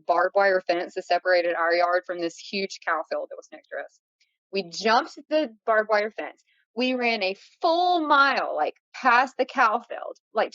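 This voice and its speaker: Woman guest in her late 30s, animated storyteller, dead dry room, dull lo-fi audio. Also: medium pitch, no echo. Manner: vivid, breathless retelling with many fillers. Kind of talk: casual interview storytelling. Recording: dull lo-fi sound.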